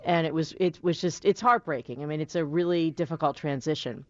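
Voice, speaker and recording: A woman on a radio talk show speaking gently and hesitantly about her father. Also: sits low, fairly quick, no echo, dull audio. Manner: gentle, hesitant, many fillers. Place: radio studio.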